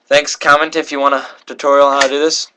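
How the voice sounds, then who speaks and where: Against background noise, a young man does a card trick and talks fast in a fairly high, level voice. He rambles, corrects himself partway through sentences, and imitates whoever he's quoting.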